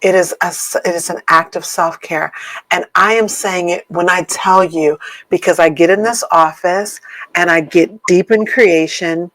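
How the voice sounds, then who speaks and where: A woman's voice: fairly low pitch, fairly even intonation, moderate pace, a bit bright, no room sound, rough recording. A woman in her fifties co-hosting a podcast from her home office, talking in an emphatic, playful, somewhat preachy way. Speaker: podcast co-host. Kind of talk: casual podcast chat.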